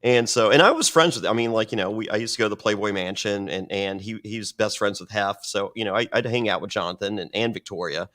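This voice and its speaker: A man's voice: on the low side, fast, few pauses. A man telling stories as a podcast guest, swearing often and rambling with restarts. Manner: profane, rambling, animated. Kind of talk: casual storytelling.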